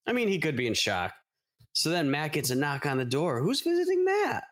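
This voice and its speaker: A man's voice: medium pitch, animated, a little fast, fairly bright tone. Man recapping a film, exasperated. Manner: retells the plot, exasperated, laughs often. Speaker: podcast host. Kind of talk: casual movie recap chat.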